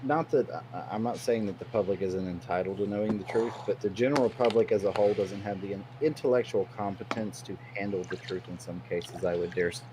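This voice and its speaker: A man's voice: lowish voice, a little fast, few pauses, noisy background. A man talking as a stream guest, in long-winded, earnest casual chat.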